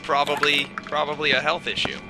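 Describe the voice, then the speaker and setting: A young man co-hosting a livestream, answering with dry deadpan jokes in casual banter. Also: a little high, a little fast, noisy background. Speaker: livestream co-host. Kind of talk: casual improvised comedy banter. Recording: loud music under the voice.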